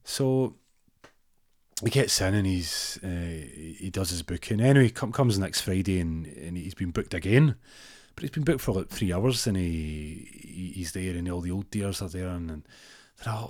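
A man's voice: deep voice, moderate pace, a little mellow, dry recording, clean studio sound. A man improvising a comic story, rambling and repeating words with many fillers.

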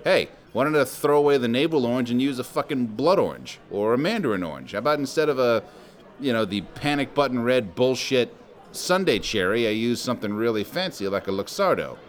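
A man's voice: mid-range voice, lively intonation, brisk. A man in casual podcast chat, making profane, sardonic and mock-outraged remarks.

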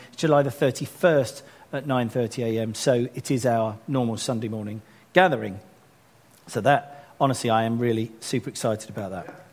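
A man leading a church gathering as pastor, chatting through announcements in a self-deprecating way and growing animated when he urges the congregation on. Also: medium pitch.

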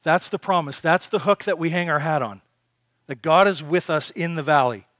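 Pastor guy preaching, kinda high voice, dry close sound, rhetorical questions, goes loud then hushed. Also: moderate pace, no room sound. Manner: emphatic preaching, swings between loud and hushed; asks rhetorical questions of the congregation. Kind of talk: sermon.

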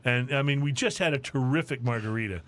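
A man's voice: mid-range voice, fast talker, fairly bright tone. A man hosting a casual podcast chat, talking with many fillers and laughing often. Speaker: podcast host.

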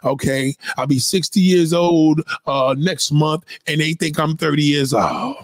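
A man voicing a brash, profane woman from New nearing sixty, who rants at the viewer in a loud, boastful, rambling comic monologue. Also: a little high, unhurried, very noisy.

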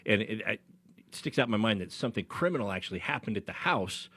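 A man's voice: on the low side, animated, fast talker, bright, forceful tone, breathy edge, dry recording. A man on a radio show, recounting a story in a loose, rambling way and adding wry remarks. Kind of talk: casual talk radio chat.

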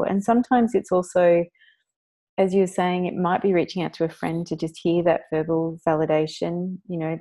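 Husky, gravelly-voiced woman co-host. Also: on the low side, darkish tone. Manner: affirming, murmurs agreement. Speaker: podcast co-host. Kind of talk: warm podcast chat.

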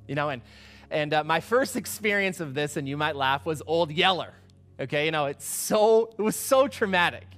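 Male pastor, middle-aged, high voice, lively anecdotal sermon delivery. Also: moderate pace. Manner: animated, acts out quotes with exclamations. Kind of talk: casual storytelling sermon.

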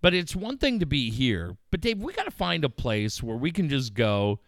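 A middle-aged man hosting a casual radio chat. He gets excited, swears freely and acts out quotes with big jumps in pitch. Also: normal speed, no room sound, clean studio sound. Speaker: radio show host.

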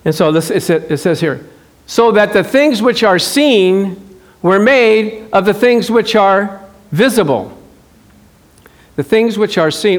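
A man preaching a sermon, animated, asking the congregation questions and acting out little dialogues. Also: sits high, slow.

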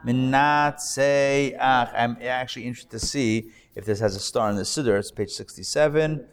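A man's voice: medium pitch, fairly quick. A man, a rabbi, teaching a live Hebrew reading class, patiently repeating and spelling out words with casual asides.

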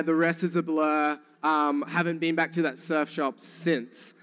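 A man's voice: a little high, moderate pace, hardly any pauses, clean tone, big-room sound. A young man with a New Zealand accent, preaching a sermon and telling funny stories to the congregation. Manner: lively storytelling, jokes with the congregation. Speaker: youth pastor.

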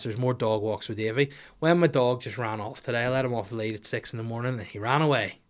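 Profane, rambling man. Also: fairly low pitch. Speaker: podcast host. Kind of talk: casual solo podcast answering listener questions.

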